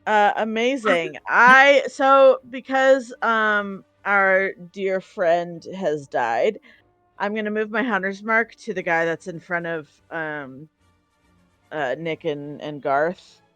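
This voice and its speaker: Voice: medium pitch, slow, pushed and bright, clear, resonant tone, no room sound, soft background music. A player in a tabletop game, rambling and giggly while describing a move. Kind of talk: casual tabletop game chat.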